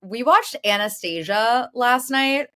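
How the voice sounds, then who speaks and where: A woman's voice: on the high side, animated, takes it slowly, sharp tone, smooth. A woman co-hosting a podcast in casual, upbeat chat. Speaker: podcast co-host.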